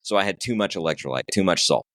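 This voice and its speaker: A man's voice: low-pitched, lively intonation, fast, a bit bright, no room sound, studio quality. A man, a podcast guest and ultrarunner, telling a story casually, acting out quoted dialogue and swearing now and then.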